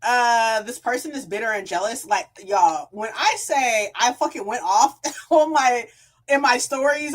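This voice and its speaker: A woman's voice: on the high side, a little slow. A woman book vlogger ranting in a casual storytime, reading out comments and answering them with sarcasm, heavy swearing and frequent laughter. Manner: heated, sarcastic, swears a lot, laughs often; reads out comments in a flat voice.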